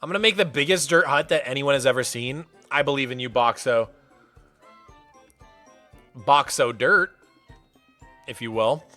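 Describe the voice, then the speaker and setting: A man live-streams a game and chats playfully with viewers, often laughing and welcoming newcomers by name. His mid-range voice moves at a moderate pace with long pauses over faint music, and he slips into soft baby talk with his cat.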